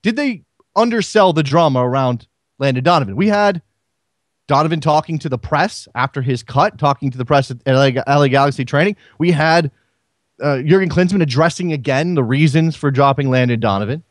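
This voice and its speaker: A man's voice: fairly high pitch, expressive, brisk, no room sound. Chatty male radio host, dry studio sound. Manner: chatty, repeats words while thinking aloud. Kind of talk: casual call-in radio commentary.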